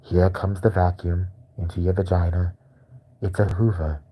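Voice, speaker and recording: A man's voice: deep voice, little pitch movement, normal speed, mellow, slightly rough, pitched below the performer's own voice, low-quality recording. A man doing a creepy soothing ASMR narrator. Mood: mock soothing.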